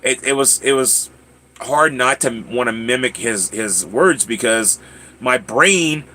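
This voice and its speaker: Laid-back American man, bright voice. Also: mid-range voice, slow, a little hiss or hum. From United States. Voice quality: rambling, laid-back, many fillers and restarts. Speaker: livestream host. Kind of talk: casual chat.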